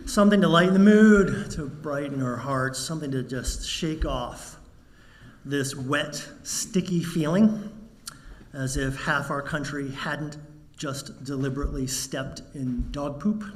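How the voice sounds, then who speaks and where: A man preaching a sermon to his congregation, measured and wry, telling a joke before turning serious. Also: a little high, a little hiss or hum. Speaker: minister.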